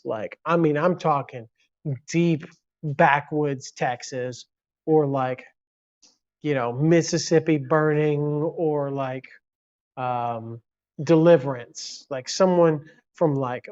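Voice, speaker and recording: A man's voice: a little high, a little mellow, smooth, muffled recording. A man from the United States chatting casually on a live stream, rambling and reacting to viewer comments.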